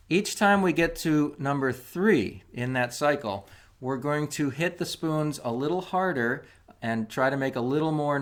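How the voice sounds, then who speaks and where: A man's voice: mid-range voice, background noise. A man teaching a music lesson on video, patient and step by step, counting beats aloud as he demonstrates. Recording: clicking spoons heard behind. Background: clicking of spoons.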